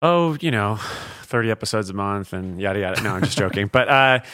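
A man's voice: lowish voice, expressive, brisk, a bit bright. A man co-hosting a podcast, joking and upbeat as he plugs his other show. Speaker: podcast co-host. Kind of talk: casual podcast chat.

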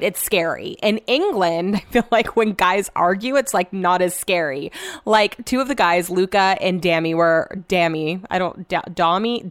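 A woman's voice: lowish voice, no room sound. A young woman from the United States talking casually to her viewers, rambling and chatty with lots of filler words and casual swearing. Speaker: vlogger.

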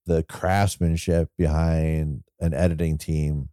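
A man with a very low, mellow voice talks through a movie in loose, rambling podcast chat. He retells scenes with quoted asides and laughs, recorded close and dry. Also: level tone, takes it slowly, clean tone, dry recording. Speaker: podcast co-host. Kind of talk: casual film discussion.

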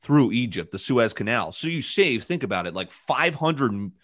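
A man's voice: mid-range voice, big pitch swings, moderate pace, a bit bright, no room sound, studio quality. A man hosting a casual podcast, rambling with jokes and many fillers. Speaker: podcast host.

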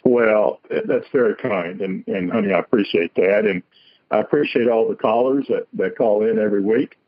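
A man with a Southern US accent calling in to a radio show, courteous and playful in a slow drawl. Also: on the low side, no room sound, phone-quality sound. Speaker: caller, the host's husband. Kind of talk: casual phone call into a radio show.

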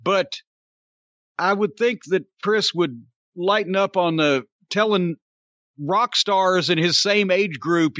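Sardonic man with a bright voice. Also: sits high, slow, dry recording, lo-fi sound. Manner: dry, sardonic, mocking. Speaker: podcast host. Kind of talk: sarcastic casual podcast chat.

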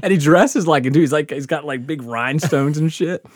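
A man's voice: on the high side, a little fast, no room sound, studio quality. A middle-aged man, telling a rowdy, profane story on a podcast and laughing as he talks. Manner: rowdy, profane, laughs through his stories. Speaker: podcast host. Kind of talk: casual storytelling.

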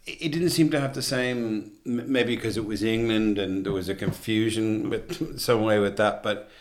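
A man with a low voice chats in a relaxed discussion. He tells rambling stories with fillers and false starts. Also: normal speed. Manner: anecdotal, hesitant, laughs often. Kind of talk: casual discussion.

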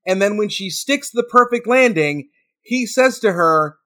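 A man co-hosting a comedy podcast, telling an animated, indignant story in casual chat. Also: sits high, unhurried. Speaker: podcast co-host.

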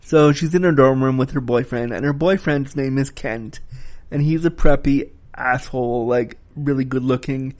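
A man's voice: mid-range voice, moderate pace, darkish tone. A man giving a casual spoken film review, talking frankly and critically, with the occasional swear word.

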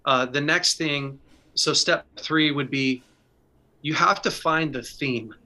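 A man's voice: fairly high pitch, slow, sharp tone. A man teaching in a casual, conversational way and sharing his own story, earnest and candid, with short bursts and restarts. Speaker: faith speaker sharing advice.

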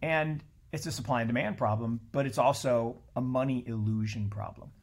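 A middle-aged man speaks as a podcast guest in an easy, unscripted conversation. His voice sits in an ordinary middle pitch, and he talks in a blunt, animated way, swearing freely and tripping over restarts as his thoughts rush ahead. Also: moderate pace. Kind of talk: casual conversation.

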